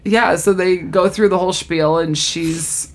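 A woman's voice: lowish voice, a little slow, background noise. A woman in casual chat who is animatedly retelling a story and says "like" a lot. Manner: animated storyteller, heavy use of "like", laughs often. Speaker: friend retelling a TV episode.

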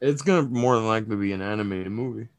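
Male podcast co-host, low and smooth voice, laid-back joking delivery. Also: fast talker, no room sound. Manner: relaxed, joking, filler-heavy. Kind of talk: casual movie review chat.

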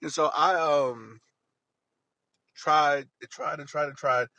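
A man's voice: on the high side, fairly even intonation, slow pace, pushed and bright, dry recording, low-quality recording. A man telling a personal story in an earnest, rambling way, often repeating himself.

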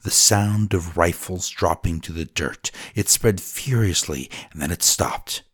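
A man narrating a dramatic first-person story in a solemn, deliberate way, at times dropping to a whisper. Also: deep voice, husky, no room sound, clean studio sound.

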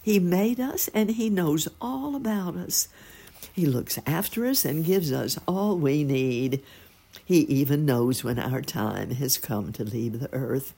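A woman voicing a kindly female turtle dove who speaks softly and soothingly in a storybook reading. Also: low voice, expressive, slow, gravelly, breathy edge, full character voice. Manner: soft, soothing, cooing.

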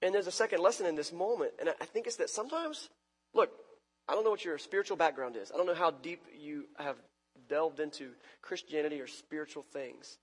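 Man, pastor, sermon, high voice, breathy, conversational, reverberant church hall. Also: fairly quick. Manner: conversational preaching, acts out quoted lines with big swings in loudness.

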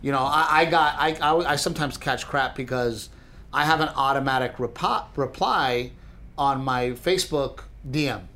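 A middle-aged comedian co-hosts a podcast, his medium-pitched voice moving at a moderate pace. He chats casually and spins jokey stories, animated and often mimicking other people.

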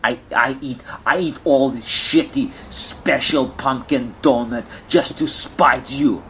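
A man's voice: takes it slowly, fairly bright tone, a little hiss or hum. A man voicing a distraught Russian man with a put-on Russian accent, ranting in broken English with a whiny, swooping voice. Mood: indignant. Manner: whiny, wildly swinging pitch, broken English. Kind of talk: comedic character monologue.

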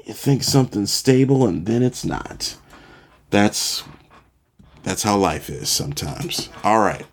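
Podcast host, male, forties: very low voice, unhurried storytelling, relaxed and self-mocking. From Chicago, USA. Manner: relaxed, self-deprecating storyteller, chuckles at himself. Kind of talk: casual storytelling monologue.

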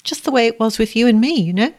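A woman reading a storybook voices an earnest, tender young flower girl with a brighter, lifted tone. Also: fairly high pitch, expressive, fast, voice pushed up, close to an everyday voice.

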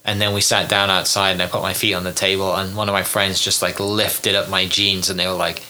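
Podcast host, young man, bright tone, rambling and animated. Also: sits low, fairly quick, slight background noise. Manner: animated storyteller, many fillers and restarts. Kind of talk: casual interview chat.

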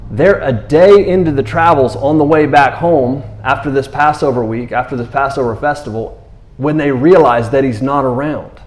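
Casual preaching man in an echoey room. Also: mid-range voice. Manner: casual, conversational preaching with playful acted-out quotes. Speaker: pastor. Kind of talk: sermon.

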